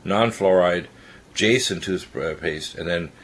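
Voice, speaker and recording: A man on a radio health talk show, giving rapid, rambling and opinionated advice. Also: deep voice, a bit bright, slight background noise.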